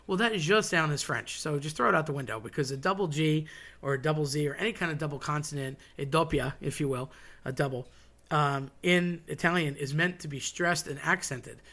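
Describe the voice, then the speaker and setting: A man's voice: on the high side, a little fast, bright, forceful tone. A man hosting a casual monologue, chatty and digressive, with wry asides. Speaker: host.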